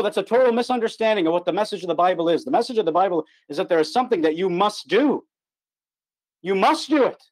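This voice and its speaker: A man preaching an online gospel sermon in an earnest, emphatic way, repeating his key words for stress. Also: high-pitched. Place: online call.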